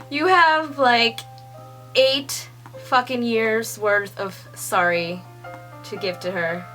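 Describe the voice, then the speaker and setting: A young woman reading a manga chapter aloud and reacting with gushing excitement, swearing and laughing often. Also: a little high, extremely slow, pauses often, faint music behind. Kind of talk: excited read-along reaction.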